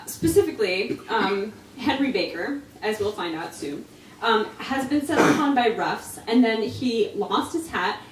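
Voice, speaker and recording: A woman author giving a chatty, laughing talk at a live reading in a bookstore. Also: medium pitch. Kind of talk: casual talk at a live book event. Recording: echoey shop, mic from far off, faint noise.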